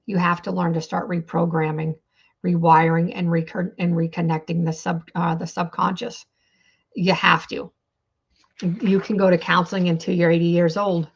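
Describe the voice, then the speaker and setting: A woman's voice: fairly low pitch, flat delivery, moderate pace, slightly rough, lo-fi sound. A woman hosting a healing talk show, speaking earnestly in a coaching tone, repeating phrases and using many fillers. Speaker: podcast host on trauma healing.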